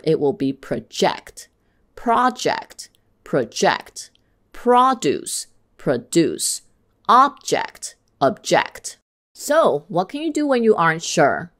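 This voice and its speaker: A woman giving scripted instruction on English pronunciation, saying example words slowly and clearly to model them. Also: low voice.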